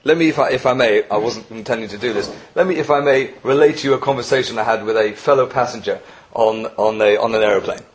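A man giving a Torah lecture with stories, animated and emphatic, often repeating himself and rising to sharp peaks. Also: medium pitch, quick pace, a little hiss or hum. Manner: animated, rising emphatic peaks, mixes Yiddish and Hebrew terms; frequent self-repetition and restarts. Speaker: Torah teacher.

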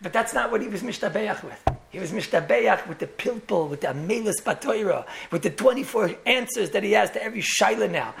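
A man's voice: high-pitched, animated, a little fast, creaky, noisy background. A man, a rabbi, gives a Torah lecture in English full of Yiddish and Hebrew terms, telling stories with repeated words and chuckling asides.

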